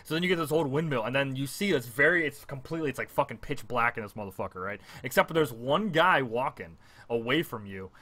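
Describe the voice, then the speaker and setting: Fast-talking, excitable young man. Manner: excitable, heavy swearing, acts out reactions with sudden high yelps. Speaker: podcast co-host. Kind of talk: casual gaming chat.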